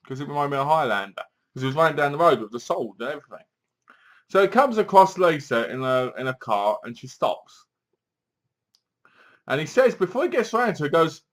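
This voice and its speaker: A man giving a casual, animated movie review, acting out lines from the film as he goes. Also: a little high, brisk.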